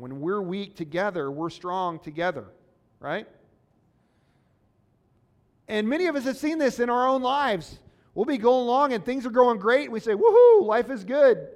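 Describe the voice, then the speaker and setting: A man preaching a sermon in an earnest, conversational way, asking the congregation rhetorical questions. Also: sits high. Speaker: pastor.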